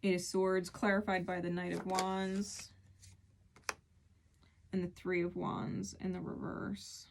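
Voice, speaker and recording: A woman's voice: lowish voice, completely flat delivery, slow, vocal fry, pauses often, slight background noise. Earnest woman giving a tarot reading. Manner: earnest, emphatic, repeats phrases. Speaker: tarot reader.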